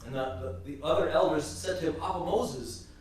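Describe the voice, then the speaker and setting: A man teaching a church class and retelling saints' stories, halting and repeating words as he goes. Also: fairly high pitch, a little hiss or hum. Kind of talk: storytelling religious class talk. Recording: very echoey church from a distance.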